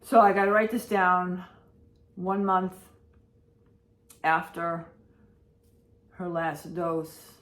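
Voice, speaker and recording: Very slowly and with frequent pauses, this vlogger speaks in a lowish, a bit bright voice with fairly even intonation. At home with her pets, she rambles through her day in an anxious, emotional way, repeating herself, while faint background noise fills the roomy recording.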